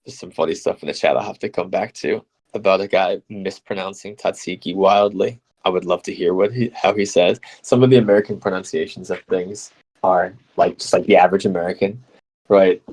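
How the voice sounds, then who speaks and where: A man hosting a live radio show, chatting casually and reading scripture aloud, playful and quick to laugh. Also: deep voice, fairly even intonation, darkish tone, breathy edge, rough recording. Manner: playful, laughs often, slips into mock accents.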